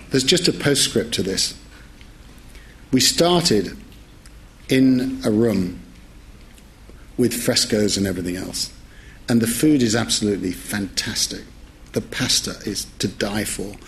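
A man's voice: on the low side, slow pace, long pauses, fairly bright tone. Chatty middle-aged man telling a funny story. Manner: chatty, self-correcting, often laughing mid-story. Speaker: journalist. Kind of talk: humorous anecdote told to listeners.

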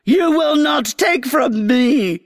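A woman voicing a furious female grass spirit queen, shouting in a brassy, booming voice with whip-crack syllables. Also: animated, takes it slowly, creaky, heavily acted. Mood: raging.

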